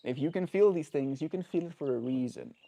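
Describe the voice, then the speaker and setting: A man's voice: a little high, brisk, vocal fry, dark tone. A man talking earnestly and reflectively on a daily livestream, often checking in with the listener. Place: home.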